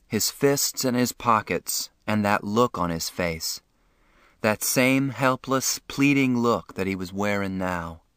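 A man narrating a novel in the first person, reading in a measured, plain way. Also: mid-range voice, a bit bright, clear, resonant tone, no room sound, studio quality. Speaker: audiobook narrator.

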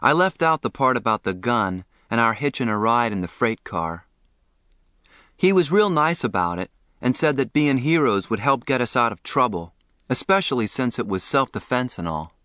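A man narrating a novel in the first person, reading in a measured, plain way. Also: mid-range voice, expressive, a bit bright, no echo, clean studio sound. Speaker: audiobook narrator.

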